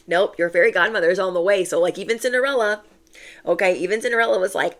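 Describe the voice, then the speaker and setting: Low-voiced woman doing tarot readings. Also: fast talker. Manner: chatty and animated, acts out quoted voices; reassuring, repeats key phrases. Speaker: tarot reader. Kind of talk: casual tarot reading to camera.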